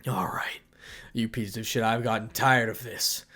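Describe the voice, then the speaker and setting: A man's voice: mid-range voice, fairly even intonation, normal speed, close to an everyday voice. Man narrator doing scornful young man, icy menace, own voice. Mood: cold scorn. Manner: venomous, growling threats.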